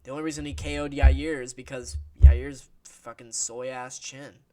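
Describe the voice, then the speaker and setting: A man's voice: mid-range voice, fairly even intonation, unhurried, dark tone. A man giving a casual, blunt fight prediction in a vlog, swearing freely and sharing strong opinions. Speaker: MMA fight analyst.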